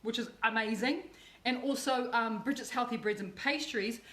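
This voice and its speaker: A woman's voice: a little high, normal speed, fairly bright tone. A woman hosting a chatty livestream cooking demo, bubbly and effusive, often repeating herself. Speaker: cooking show host.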